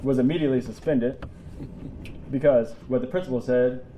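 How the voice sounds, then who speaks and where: A man's voice: medium pitch, moderate pace, warm tone, slight background noise. Emotional man telling a personal story. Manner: emotional, tearing up, laughing between lines. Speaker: public speaker. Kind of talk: personal talk to a live audience. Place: room with an audience.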